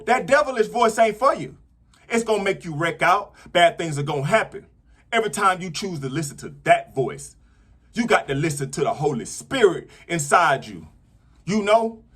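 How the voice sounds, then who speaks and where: A man's voice: high-pitched, a bit bright. A man giving a casual motivational talk to camera, talking conversationally and checking in with his listeners again and again. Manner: conversational, repeats "you get what I'm saying". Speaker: motivational vlogger.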